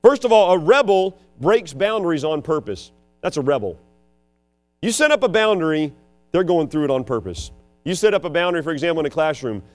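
Brief: male preacher, sermon, very animated pitch, slightly high, faint music behind. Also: fairly quick. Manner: dramatic, emphatic, swings between loud and hushed, acts out quotes. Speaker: preacher and school teacher.

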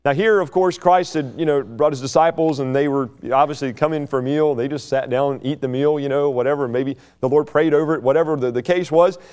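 A middle-aged man preaching a Bible-teaching sermon in a conversational way, mocking opponents in quick asides. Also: fairly high pitch, darkish tone, clear, resonant tone.

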